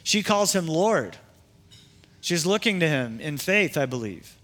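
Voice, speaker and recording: Higher-voiced pastor preaching conversationally. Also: male voice, very animated, a little slow, fairly bright tone. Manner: conversational preaching with asides and restarts. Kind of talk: sermon.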